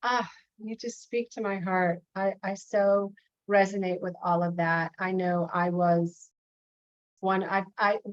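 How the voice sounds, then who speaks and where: A woman's voice: lowish voice, no room sound. Reflective woman host, dull dry sound. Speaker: host, minister. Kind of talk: interview conversation.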